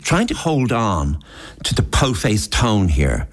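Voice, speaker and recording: A man's voice: lowish voice, huge pitch swings, slow pace. A man in a literary discussion, musing aloud and turning phrases over, often restarting his sentences.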